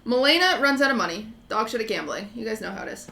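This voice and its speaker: A woman streamer telling a story in casual chat, animated and acting out quotes from other people. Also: a little high, fast talker, vocal fry, echoey room.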